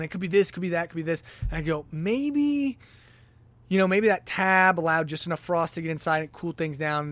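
A man hosting a podcast, telling a long everyday story in a casual, animated way and acting out his own exclamations. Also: fairly high pitch, no room sound. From lives in Denver, Colorado. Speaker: podcast host.

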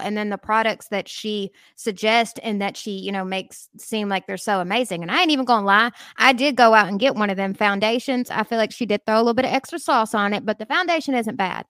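A woman's voice: mid-range voice, fairly bright tone, no echo. Woman podcast co-host, blunt and candid, casual swearing, dry close sound. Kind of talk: casual chat.

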